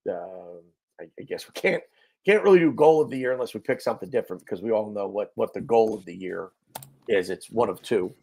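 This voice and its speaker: Chatty male host of a fan show, animated pitch, jokey, many fillers. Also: fairly quick, gravelly. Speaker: podcast host. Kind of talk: casual fan show chat. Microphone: video call.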